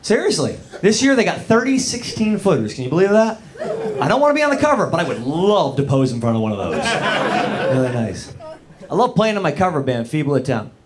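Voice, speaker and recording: A man's voice: a little high, huge pitch swings, fairly quick, heavy background noise. A man doing stand-up comedy in the back room of a bar, rambling about his small-town life and talking straight to the audience. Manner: rambling small-town persona, talks to the crowd. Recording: live crowd in a bar. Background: audience laughing.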